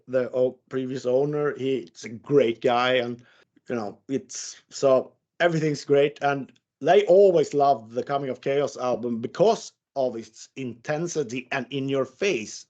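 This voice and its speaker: A man's voice: mid-range voice, unhurried, darkish tone. Man in his forties, casual interview; rambling, profane, stammering restarts; dull lo-fi recording. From Sweden. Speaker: interviewed musician. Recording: muffled lo-fi recording.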